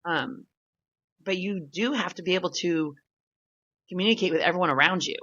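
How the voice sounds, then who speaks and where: A talkative woman co-host in easygoing podcast chat. Her voice sits a little low yet sounds bright and forward, and she laughs easily. The recording is somewhat muffled and lo-fi. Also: normal speed. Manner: chatty, laughs often, retells stories with quoted voices. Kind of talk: casual chat.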